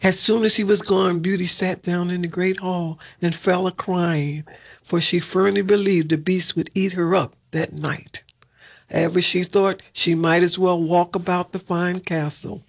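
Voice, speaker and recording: A man reading a fairy tale aloud at a steady pace, with occasional slips and restarts. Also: high-pitched, a little slow, creaky. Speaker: reader. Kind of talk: storybook read-aloud.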